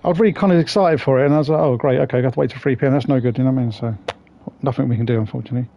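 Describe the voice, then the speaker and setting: A man's voice: mid-range voice, rapid-fire, gravelly, lo-fi sound. A man streaming a game, chatting casually with viewers, swearing and greeting them by name. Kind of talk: casual live-stream chat.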